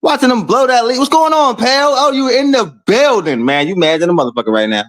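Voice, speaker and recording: Man, high voice, very lively pitch, boxing stream host, casual chat, profane trash talk. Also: brisk.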